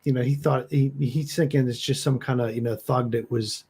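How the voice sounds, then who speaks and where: A man's voice: mid-range voice, steady tone, normal speed, darkish tone, slightly rough. A man playing a tabletop horror game, describing what his character does. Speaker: player.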